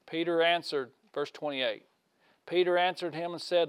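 A man giving a conversational sermon in a folksy way, asking his listeners questions and swinging from loud to hushed. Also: on the high side, steady tone, normal speed, smooth, no echo. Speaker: preacher.

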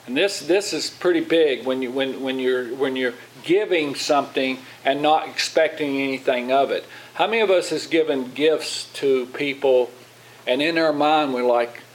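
A man's voice: medium pitch, moderate pace, a little hiss or hum, rough recording. A man preaching to his congregation in a loose, conversational teaching style, often asking them questions and repeating his words as he goes. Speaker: pastor.

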